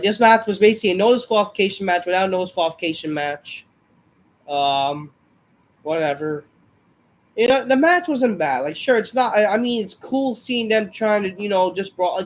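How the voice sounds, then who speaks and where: A man reviewing a wrestling show in a rambling, frustrated rant, swearing often and sighing, unwell and short of breath. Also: high voice. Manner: profane, frustrated, rambling with sighs.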